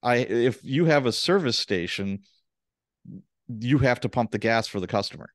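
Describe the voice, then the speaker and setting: A man's voice: medium pitch, lively intonation, moderate pace, no room sound, studio quality. A man hosting a podcast, telling rambling anecdotes in a casual way before asking his guest questions. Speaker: podcast host.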